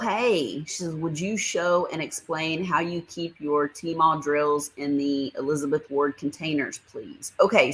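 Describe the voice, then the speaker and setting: Woman, livestream host, low voice, chatty and laughing, reads viewer comments aloud. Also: a bit bright. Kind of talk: casual live chat.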